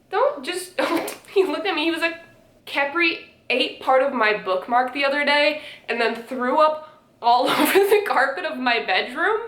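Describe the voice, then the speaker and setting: A young woman giving animated, sarcastic comedic commentary as a content creator, often exasperated. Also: high voice. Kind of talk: comedic commentary on dating app messages. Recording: roomy echo.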